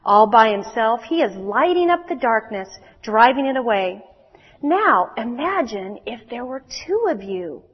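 A woman voicing a kind, wise female cat in a storybook read-aloud, speaking gently and reassuringly. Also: fairly high pitch, very animated, a little slow, slightly rough, big-room sound, highs cut off, exaggerated voice. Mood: gentle.

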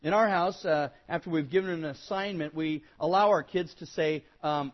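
A high-pitched man delivers a children's Bible lesson, emphatic and insistent, often repeating himself for effect. He livens it up by mimicking whiny kids. The recording sounds dull and lo-fi. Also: moderate pace, hardly any pauses. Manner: animated, acts out whiny kid replies; repetitive, emphatic admonishing. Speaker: Bible teacher addressing children.

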